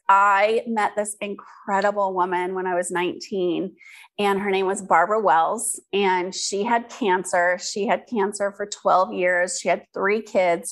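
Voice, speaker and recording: A woman from California, an interview guest and business founder, telling her life story candidly and earnestly, with frequent ums and restarts. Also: medium pitch. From California, USA.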